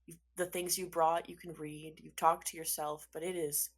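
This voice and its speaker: A woman running a tabletop role-playing game, describing scenes to a player in a playful, unhurried way. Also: low voice, flat delivery, breathy edge. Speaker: game master.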